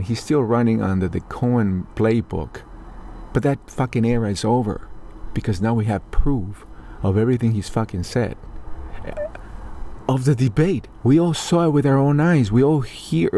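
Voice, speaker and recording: A man's voice: mid-range voice, mellow, slight background noise. A man from Mexico delivering a heated, profane political rant, indignant and sarcastic as he talks straight to his viewers. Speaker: political commentator.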